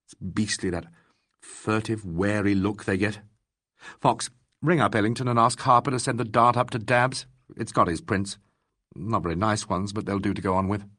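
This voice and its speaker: A man reading an audiobook, voicing a calm police inspector who talks placidly and quietly firm. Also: lowish voice, moderate pace. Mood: dry.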